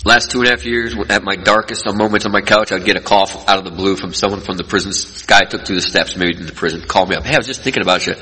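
A middle-aged man giving an earnest personal recovery talk to an audience, telling stories and dropping between loud and quiet. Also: low-pitched, little pitch movement, fast talker, hardly any pauses, breathy edge. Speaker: recovery speaker. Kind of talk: personal testimony speech to an audience. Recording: long reverb from a large hall.

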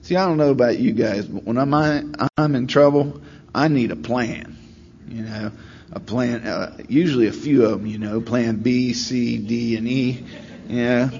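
A middle-aged man tells his story at a meeting with wry, self-deprecating humor, drifting along and stopping often to hunt for words. His pitch sits in an ordinary middle range. The recording sounds slightly dull and carries a faint hum of room noise. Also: darkish tone. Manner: rambling, wry and self-deprecating, with many "uh" pauses. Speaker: speaker sharing at a recovery meeting. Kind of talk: storytelling share.

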